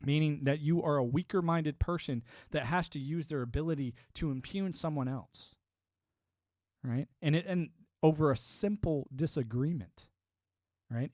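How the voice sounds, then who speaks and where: A man's voice: fairly high pitch, moderate pace, a little mellow, dry recording, clean studio sound. A man ranting on a live stream, profane and combative, laughing often and talking like a military veteran. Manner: former military and network engineer talk. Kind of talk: casual live-stream rant.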